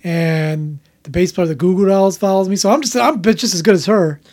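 A man's voice: high-pitched, a little fast, darkish tone. A man hosting a podcast in casual chat, rambling and opinionated, often cutting himself off mid-thought. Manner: rambling, opinionated, self-interrupting. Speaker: podcast host.

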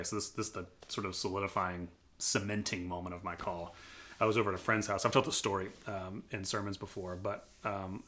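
A man's voice: sits low, bright, forceful tone. A man who is a pastor from Colorado, telling his personal faith story in an earnest, reflective way and acting out quotes with energy. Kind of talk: personal testimony in a church podcast interview.

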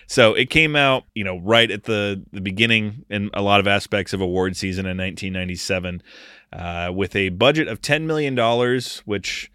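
A man's voice: lowish voice, moderate pace, sharp tone, clean tone, dry recording, clean studio sound. A man in his thirties hosting a podcast, talking casually in a rambling way with lots of filler. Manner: rambling, filler-heavy delivery. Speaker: podcast host.

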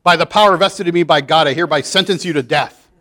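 A man hamming up a fiery, booming preacher. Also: fast talker, bright, forceful tone. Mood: stern. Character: fiery preacher man rallying his flock.

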